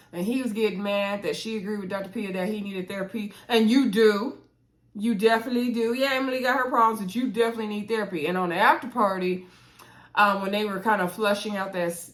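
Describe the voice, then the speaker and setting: A woman with a mid-range voice hosts a casual reality show recap, chatty and animated, acting out quotes in playful voices.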